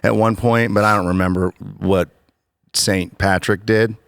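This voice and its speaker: A man hosting a church podcast in casual chat, animated and chatty with frequent restarts. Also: on the low side, unhurried, gravelly, clear, resonant tone, no echo, clean studio sound. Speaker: podcast host.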